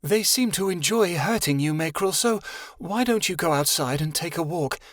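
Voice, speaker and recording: A man voicing a gentle, protective female shapeshifter who looks after the children, speaking softly and motherly. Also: on the high side, expressive, moderate pace, no echo, clean studio sound, pitched above the performer's own voice, close to an everyday voice. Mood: firm. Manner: soft, motherly.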